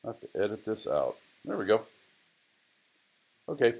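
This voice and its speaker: A man with a deep, low voice walks through racing data on screen like an instructor. He is casual, repeats points for emphasis and grumbles at his tools as he goes. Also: big pitch swings, moderate pace, vocal fry, husky. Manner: casual, repeats phrases, talks to the software. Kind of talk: screen-recorded data analysis tutorial.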